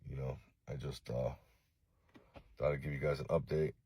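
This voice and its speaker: A distraught man from Los Angeles making a halting, profane, remorseful apology video, full of fillers. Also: extremely low pitch, steady tone, dark tone, a little hiss or hum. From East Los Angeles.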